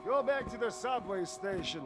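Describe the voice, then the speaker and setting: A scornful mercenary. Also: male voice, high-pitched, lively intonation, moderate pace. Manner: curt and contemptuous. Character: cold, scornful male mercenary soldier. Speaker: game character. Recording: game audio with music from afar.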